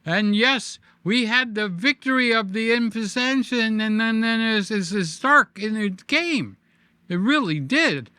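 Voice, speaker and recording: A middle-aged man talks to camera in a loose, animated vlog style, repeating words and cracking jokes as he goes. His voice sits high and comes across bright and smooth. The sound is close and dry, as if picked up on a desk microphone. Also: a little slow, dry recording. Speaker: vlogger host. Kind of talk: casual chat to camera.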